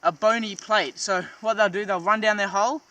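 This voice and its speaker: Young male wildlife vlogger, high bright voice, breathless and strained, outdoors at night, camera worn at the neck. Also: steady tone, brisk, no echo. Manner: strained, breathless from holding a struggling animal. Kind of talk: excited on-the-spot wildlife explaining. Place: outdoors at night near a beach. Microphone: camera hung around his neck.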